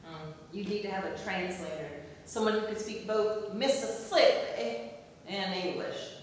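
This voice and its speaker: A woman acting a teasing, sharp-tongued wife who speaks in a dry, matter-of-fact way, performed on a theatre stage. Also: medium pitch, measured pace, a little hiss or hum, natural voice. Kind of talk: amateur stage comedy acting. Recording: echoey hall, from far off.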